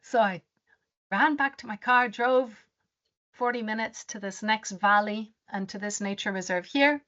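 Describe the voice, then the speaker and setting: A woman presenting a webinar as a rainforest advisor. She tells her story in an animated way and often restarts her sentences. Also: mid-range voice, a little slow. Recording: dull lo-fi webinar audio.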